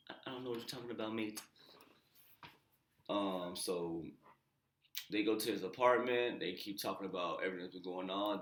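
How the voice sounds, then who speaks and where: A man casually recapping a TV episode as a channel host, slangy and loose, with profane asides and quiet muttered side comments. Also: low voice. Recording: roomy echo.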